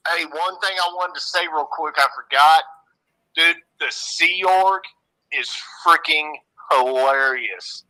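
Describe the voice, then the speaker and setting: Laid-back Southern man, bright voice. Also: on the high side, takes it slowly, poor audio. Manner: laid-back, laughs often, swears casually. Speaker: caller. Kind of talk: casual chat.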